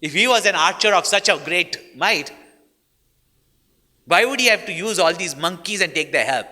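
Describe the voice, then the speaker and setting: A man's voice: high-pitched, animated, moderate pace, bright, forceful tone. A man, a spiritual teacher, telling stories in a discourse and checking in with the listeners through constant "hmm?" and "no?" tags. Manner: frequent questioning "hmm?" and "no?" tags. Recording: long hall reverb.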